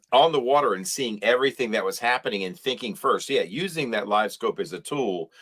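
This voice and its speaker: A man's voice: lowish voice, a bit bright. A man co-hosting a casual podcast, answering his friend in an encouraging, affirming way. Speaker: podcast co-host, angler.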